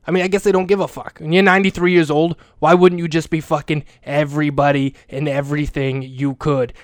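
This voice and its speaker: A man's voice: a little high, clear, resonant tone, dry recording, clean studio sound. A middle-aged man doing a comedic monologue as a school janitor, ranting and rambling crudely with constant swearing. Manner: crude, profane, rambling rant.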